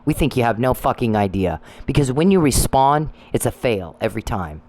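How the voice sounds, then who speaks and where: A man's voice: medium pitch, expressive, normal speed, darkish tone, poor audio. A man delivering an angry, profane monologue that scolds people he addresses. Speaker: commentary channel host.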